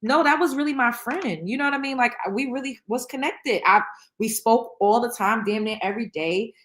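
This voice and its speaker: A woman's voice: on the high side, moderate pace, fairly bright tone. Blunt, emotional woman vlogging candidly. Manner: emotional, blunt, swears freely; rambling, many restarts and fillers. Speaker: show host. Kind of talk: candid reaction vlog.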